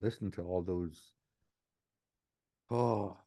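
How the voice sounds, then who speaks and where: Earnest older man with a mellow voice. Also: low voice, slow pace. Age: 60s. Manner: earnest, repeats his phrases. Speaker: community advocate. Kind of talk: reflective interview talk.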